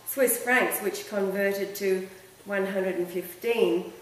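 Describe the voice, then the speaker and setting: A woman co-hosting a casual talk show, nudging her guest along with prompts. Her medium-pitched voice sounds far from the mic in a very echoey room. Faint noise sits behind her. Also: fairly even intonation, slow pace. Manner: prompting, keeps steering the guest. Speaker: co-host.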